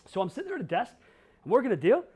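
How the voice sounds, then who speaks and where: A man's voice: extremely high pitch, wildly swooping pitch, very fast, darkish tone, slightly rough. A man in his forties from Chicago giving a talk to a crowd, brash and blunt, firing off rhetorical questions and slang. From Chicago, USA. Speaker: conference speaker. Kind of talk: energetic storytelling talk.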